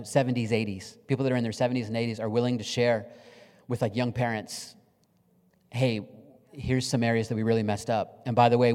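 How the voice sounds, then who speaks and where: Middle-aged pastor in a reverberant hall. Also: male voice, mid-range voice, a little mellow. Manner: conversational storytelling, emotional and humorous. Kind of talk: sermon. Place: church sanctuary. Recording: long reverb of a large hall.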